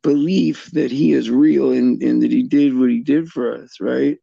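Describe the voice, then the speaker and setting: Man, middle-aged, very gravelly, slow, halting restarts, dry dull recording. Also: medium pitch, fairly even intonation, dark tone, no echo. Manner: halting, repeats words, many restarts. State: tearful at times. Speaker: host. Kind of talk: casual faith talk to viewers.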